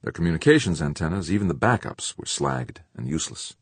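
A man with a very deep, husky voice narrates an audiobook. His delivery rises and falls in a lively way, and the recording is dry and close. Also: fairly quick, no room sound. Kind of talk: scripted narration.

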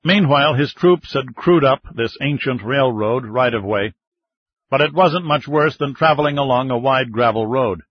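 Husky male audiobook narrator. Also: mid-range voice, normal speed. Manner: steady, even storytelling. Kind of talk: scripted narration. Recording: dull, slightly muffled audiobook sound.

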